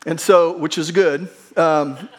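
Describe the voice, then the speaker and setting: A man's voice: fairly high pitch, steady tone, takes it slowly. A middle-aged man, a pastor, preaching a conversational sermon and telling a humorous personal story in an earnest, self-deprecating way.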